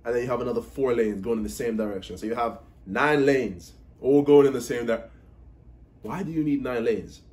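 A man's voice: medium pitch, a little fast, a little mellow. A young British man from the UK chatting casually in a vlog, ranting animatedly with exasperated mock impressions. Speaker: vlogger.

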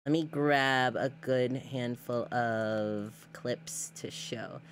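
Low, unhurried woman streamer chatting. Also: slight background noise. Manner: chatty, gushing, reads chat aloud. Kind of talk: casual live-stream chat.

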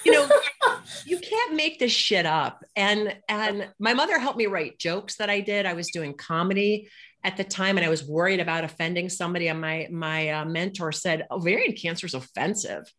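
Woman panelist, lower pitch, blunt and funny storyteller. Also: moderate pace, fairly bright tone. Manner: frank, humorous, swears freely. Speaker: panel speaker. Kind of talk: candid personal storytelling.

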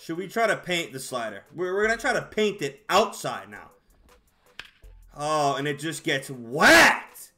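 A man commentating his own baseball video game, excitable and exasperated, shouting at his players. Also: on the high side, unhurried, soft background music. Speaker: gaming YouTuber. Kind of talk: live gameplay commentary.

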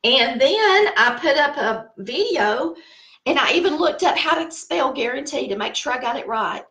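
A woman's voice: high voice, expressive, moderate pace, bright, forceful tone, echoey room. A middle-aged woman with a Southern American accent, chatting casually and telling stories while laughing at herself. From Southern United States. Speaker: cooking channel host. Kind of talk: casual chat.

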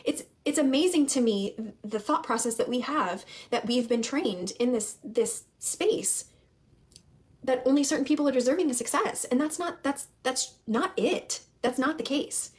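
A young woman with a fairly high voice delivering a fired-up sales pitch to her team. She repeats her points, calls out to the group again and again, and leans hard on her claims. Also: lively intonation, normal speed. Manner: emphatic, repetitive, addresses listeners as "you guys". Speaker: network marketing recruiter.

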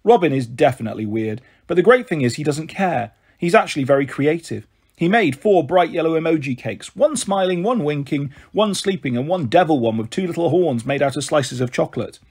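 A man reading a children's book aloud with steady, expressive narration. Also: a little high, brisk, husky. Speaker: storyteller.

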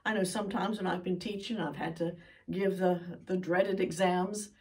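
A woman's voice: on the low side, steady tone, moderate pace, darkish tone. Older woman Bible teacher, earnest pleading sermon, recorded at a distance from the mic. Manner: earnest, pleading, with emphatic sighs of "oh".

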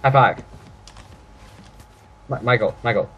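A man co-hosting a let's play, animated and prone to sudden shouts in casual banter. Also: medium pitch, slow pace, highs cut off, slight background noise.

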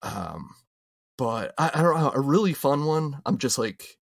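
A man co-hosting a podcast, talking casually and haltingly with many fillers. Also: medium pitch, lively intonation, gravelly, slightly rough, no echo, clean studio sound. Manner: hesitant, many fillers and restarts. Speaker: podcast co-host.

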